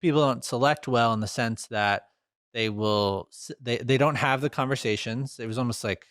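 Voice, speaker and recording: A man's voice: medium pitch, moderate pace, a bit bright, dry recording, clean studio sound. A man hosting a podcast, posing questions in a casual, probing way. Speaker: podcast host.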